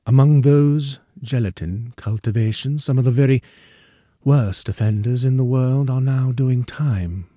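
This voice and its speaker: A man voicing a self-satisfied scientist who speaks slowly and deliberately with a pleasant, quietly menacing manner. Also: medium pitch, no echo, studio quality, pitched above the performer's own voice, natural voice. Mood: pleased. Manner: slow, deliberate, pleasant on the surface.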